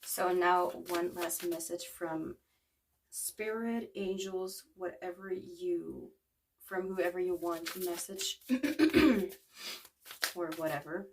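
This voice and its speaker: 20s girl doing a tarot reading, kinda rambly, low voice sitting back from the mic. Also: slow, recorded from a distance, slight background noise. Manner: rambling, with many fillers. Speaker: tarot card reader. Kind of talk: casual tarot reading for viewers.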